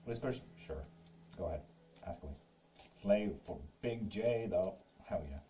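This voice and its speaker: A man's voice: low-pitched, expressive, measured pace, dark tone, soft background music. A man doing live tarot readings in casual stream chat. He reads viewers' comments aloud, teases them and swears freely. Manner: joking and teasing.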